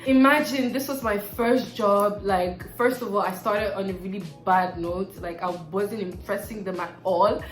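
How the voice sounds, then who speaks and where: Animated young woman telling a story. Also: mid-range voice. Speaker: vlogger. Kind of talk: casual storytime vlog. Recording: echoey room, faint background music.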